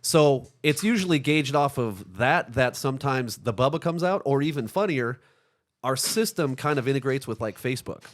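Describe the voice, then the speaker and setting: A man as a podcast guest, telling stories in an animated, fast, laughing way in casual conversation. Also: medium pitch.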